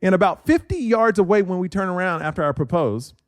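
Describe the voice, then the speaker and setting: A man's voice: sits high, a little fast. A man in his thirties, co-hosting a podcast, telling a story with lots of energy and acting out the quotes. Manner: animated storyteller, acts out quotes. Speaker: podcast co-host. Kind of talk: casual chat.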